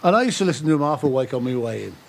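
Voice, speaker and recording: A man's voice: mid-range voice, rapid-fire, vocal fry, a little hiss or hum. A man telling a long funny story in a casual chat, acting out the people he quotes. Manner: animated storyteller doing voices of people he quotes. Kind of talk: casual anecdote.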